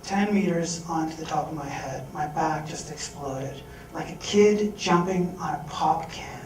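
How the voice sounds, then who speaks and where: A man telling a personal story on stage, animated, acting out the voices he quotes. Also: a little high, unhurried, slight background noise. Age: adult. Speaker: speaker. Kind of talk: storytelling talk. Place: large hall. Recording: echoey hall from far off.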